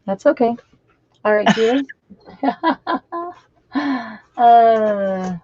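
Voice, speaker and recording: A woman's voice: a little high, expressive, drawn-out words, a little mellow, dry recording, lo-fi sound. A woman hosting a casual craft stream, chatting and half-singing while she works. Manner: chatty, hums and half-sings a nursery tune. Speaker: craft show host.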